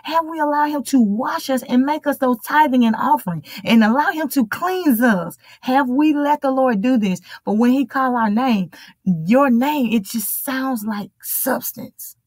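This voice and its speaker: A woman's voice: high voice, darkish tone, no echo. Emphatic woman preaching a sermon. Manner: emphatic, repetitive preaching with drawn-out phrases.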